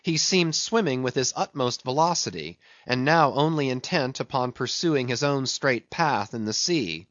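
Male audiobook narrator, measured delivery, dry and slightly muffled. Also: mid-range voice, lively intonation, fairly bright tone, no room sound. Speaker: audiobook reader. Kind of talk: scripted narration of a classic novel.

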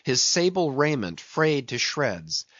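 Male audiobook narrator, measured delivery, dry and slightly muffled. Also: mid-range voice, very animated, a bit bright, no echo. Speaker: audiobook reader. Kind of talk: scripted narration of a classic novel.

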